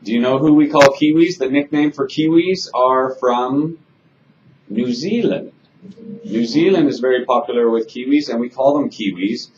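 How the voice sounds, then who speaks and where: A man's voice: medium pitch, a little mellow, dull audio, slight background noise. Chatty male English teacher. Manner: friendly, chatty, asks simple questions slowly. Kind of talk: conversation class with students.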